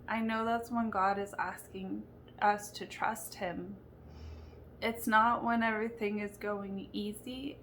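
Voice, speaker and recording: A young woman speaks to her viewers about faith in a slow, unhurried way. Her tone is earnest and conversational, at a middle pitch. A faint hum of the room sits under her voice. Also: a bit bright. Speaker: Christian vlogger. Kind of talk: faith-based personal talk to camera.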